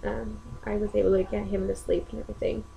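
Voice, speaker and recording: A woman's voice: mid-range voice, little pitch movement, fast, gravelly, noisy background. A young woman and mother, chatting casually at home in a rambling way with many ums. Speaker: mother and vlogger. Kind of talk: casual chat.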